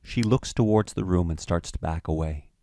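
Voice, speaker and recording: A man narrating a screenplay's stage directions in a measured, matter-of-fact way. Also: low-pitched, mellow, no echo.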